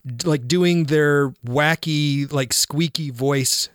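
Man, somewhat high pitch, wry, casual podcast chat, dry sound. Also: slow pace, clean tone, no echo. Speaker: podcast co-host. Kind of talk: casual movie review chat.

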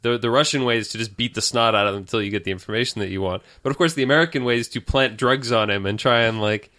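A man co-hosting a casual movie podcast, speaking in a measured, thoughtful way. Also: medium pitch, sharp tone. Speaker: podcast co-host.

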